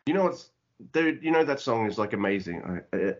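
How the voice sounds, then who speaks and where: A man co-hosting a podcast in casual chat, animated and joking, sometimes humming a tune. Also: lowish voice, fairly quick. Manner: animated, joking, breaks into sung hums. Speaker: podcast co-host. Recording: dull lo-fi sound.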